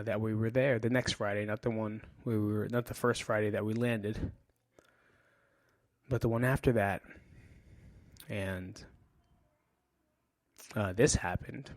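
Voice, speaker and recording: A grieving man talks straight into the mic in a loose, unscripted monologue, dropping curse words and circling back on his sentences. His voice sits at an ordinary middle pitch. The sound is dry and close, with no room echo. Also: a little mellow. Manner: casual and frank, swears often, trails off and restarts. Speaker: podcast host. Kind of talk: candid personal monologue.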